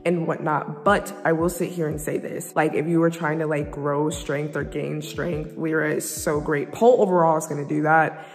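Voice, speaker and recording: A woman's voice: deep voice, steady tone, moderate pace. A woman vlogger and pole dancer in casual chat to camera, rambling and leaning on "like" fillers. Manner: chatty, rambling, leans on "like" fillers. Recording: reverberant room with faint music.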